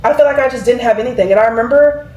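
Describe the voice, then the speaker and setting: A woman's voice: a little high, racing, darkish tone, highs cut off. A woman, chatting and rambling to camera as a vlogger, with lots of "like" fillers. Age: 20s. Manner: chatty, rambling, heavy use of "like". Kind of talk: casual chat to camera. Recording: roomy echo.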